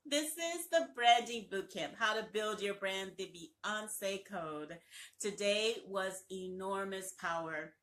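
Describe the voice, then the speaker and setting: A woman's voice: medium pitch, lively intonation, slow, a bit bright. A woman branding coach giving an emphatic, repetitive, encouraging motivational talk on a live stream.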